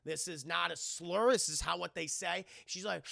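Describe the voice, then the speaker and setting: A man with a high, crackling, gravelly voice talks straight into a close, dry mic. He rambles through a film recap for his live chat, swearing freely and staying animated. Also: moderate pace, no echo. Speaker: livestream film reviewer. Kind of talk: casual chat with a live audience.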